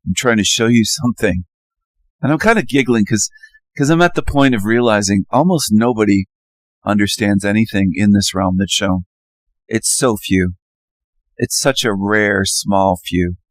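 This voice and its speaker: A channel host with a low-set voice rants over a slideshow of images at a moderate pace, repeating the same phrases and breaking into loud, emphatic bursts. The recording is dry and close, with no room sound.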